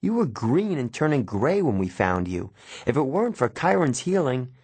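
A man voicing a fierce, sharp-tongued young girl in an audiobook, scolding and emotional. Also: medium pitch, sing-song, moderate pace, slightly rough, no echo, voice pushed up.

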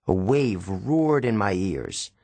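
A man narrating a first-person novel with expressive, wry storytelling, recorded close on a studio mic. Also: on the low side, slow, creaky, no echo. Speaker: audiobook narrator.

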